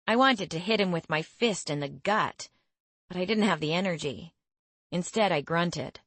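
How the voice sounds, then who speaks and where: A young adult woman narrating a first-person fantasy audiobook in a wry, expressive storytelling manner. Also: on the low side, moderate pace, dry recording.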